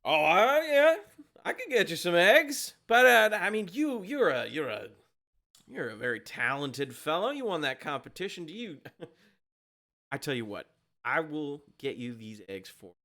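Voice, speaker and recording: Give me a portly, smooth-talking egg merchant, put on by a man in a tabletop game. He wheedles and flatters in a bright voice that swings up and down. Friendly on the surface, always angling for a favor. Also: on the high side, unhurried, pitched above the performer's own voice, exaggerated voice. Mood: schmoozing. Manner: chummy, wheedling salesman talk.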